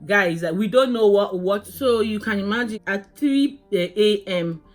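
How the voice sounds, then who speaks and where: A woman vlogging her labor story in a casual, animated way, often calling viewers "guys" and restarting her sentences. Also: mid-range voice, a little slow, soft background music.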